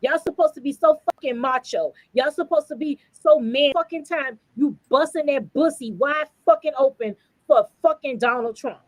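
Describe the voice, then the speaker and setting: A woman's voice: sits high, moderate pace, no echo, low-quality recording. A woman podcast co-host, giving blunt, profane, fired-up commentary. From United States. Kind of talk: heated commentary.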